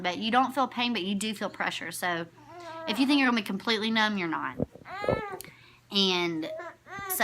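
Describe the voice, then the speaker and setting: Bright-voiced young mother rambling casually. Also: mid-range voice, slight background noise. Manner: chatty, rambling, self-correcting. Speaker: new mother. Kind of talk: casual storytelling to camera.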